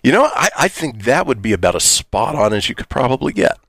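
A man's voice: medium pitch, big pitch swings, a little fast, gravelly, fairly bright tone, dry recording. A man hosting a radio show in casual chat, laughing often and using many fillers.

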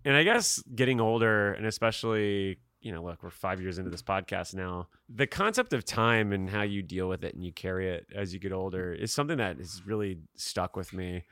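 Podcast co-host, young man from South Florida, low voice, dry close sound, musing and rambling. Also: animated, fairly quick, few pauses, fairly bright tone, no echo. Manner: reflective, rambling with many fillers. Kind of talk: casual podcast chat.

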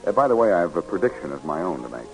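A wisecracking radio detective. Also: male voice, low voice, very animated, racing, a little mellow, soft background music, heavily acted, rough recording. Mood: wry. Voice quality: wisecracking, smooth. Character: wisecracking male private detective, cool. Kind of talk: 1940s radio acting.

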